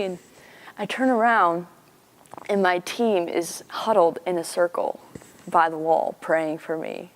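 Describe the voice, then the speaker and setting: A young university student from Missouri giving an earnest, chatty personal faith testimony. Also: female voice, fairly low pitch, steady tone, slow. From Missouri, USA. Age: young adult.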